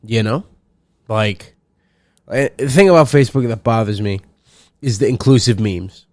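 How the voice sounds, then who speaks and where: A man's voice: medium pitch, moderate pace, a little mellow, no room sound, studio quality. Profane, rambling young man. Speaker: podcast host. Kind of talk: solo comedic podcast rant.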